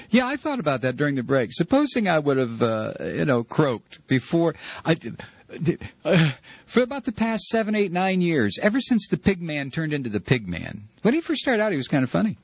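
Husky, sarcastic male talk radio host. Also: on the high side, very animated, fairly quick, no room sound. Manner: ranting, sarcastic, with mocking voices. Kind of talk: opinionated talk radio monologue. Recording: dull lo-fi radio broadcast.

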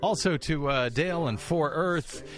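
A man hosting a radio talk show, casual and halting with many fillers, speaking at a studio microphone. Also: fairly high pitch.

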